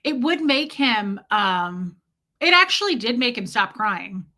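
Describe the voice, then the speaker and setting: A woman's voice: fairly high pitch, big pitch swings, unhurried, sharp tone. A woman in her forties chatting casually on a livestream, frankly telling stories and answering viewer comments. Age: 40s. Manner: frank, blunt storytelling with quoted voices. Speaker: live streamer.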